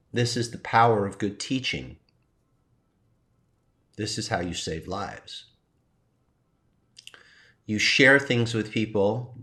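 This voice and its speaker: A man's voice: on the low side, fairly bright tone. Choked-up man sharing heartfelt story. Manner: halting, heartfelt, pausing to compose himself. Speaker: teacher and coach. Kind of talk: emotional personal sharing.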